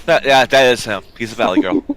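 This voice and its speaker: A man's voice: medium pitch, expressive, fast talker, a bit bright. A man co-hosting a casual chat, throwing in blunt wisecracks.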